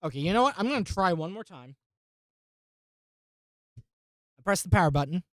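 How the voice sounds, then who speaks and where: A woman hosting a casual tech vlog, talking through a software install and muttering to herself in exasperation, with frequent swearing. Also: fairly low pitch, expressive, moderate pace, no echo, studio quality. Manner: addresses viewers as folks and guys. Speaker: tech channel host.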